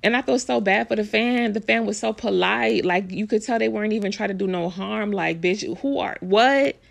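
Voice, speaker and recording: Woman vlogger, super gravelly voice, cussing and ranting about celeb drama. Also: mid-range voice, steady tone, fairly quick. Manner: blunt, profane, emphatic ranting. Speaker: vlogger commenting on celebrity news. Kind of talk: casual celebrity gossip commentary.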